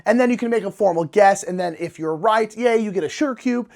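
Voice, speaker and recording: A man's voice: high-pitched, fast, gravelly, a little mellow. Chatty, enthusiastic man, casual board-game vlog host, loose and filler-heavy.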